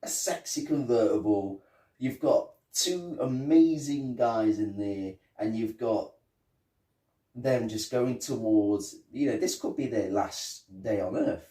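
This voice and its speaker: A podcast co-host chats casually while reviewing a TV episode, acting out lines from its scenes. He speaks slowly in a medium-pitched, dark-toned voice, and the recording is roomy with a distant mic.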